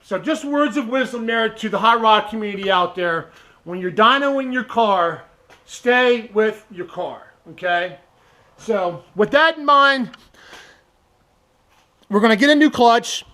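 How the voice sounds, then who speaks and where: A man with a notably high voice talks straight to his viewers in a casual vlog. He sounds animated and heated as he hands out blunt, preachy advice, checking in with "okay?" again and again. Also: unhurried. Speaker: car channel host.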